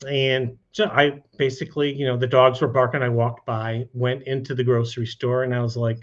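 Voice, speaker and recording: A man, a talk show guest, telling a personal story in a relaxed, conversational way with frequent "you know" asides. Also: medium pitch, moderate pace. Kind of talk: casual storytelling. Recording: dull lo-fi sound.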